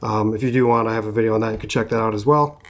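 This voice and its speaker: With a fairly low, racing voice, a young Minnesota photographer hosts a casual lens review at a rocky spot at sunset. He's easygoing and chatty, sprinkling in lots of "like" and "um," and the audio comes from a compact shotgun mic on his camera.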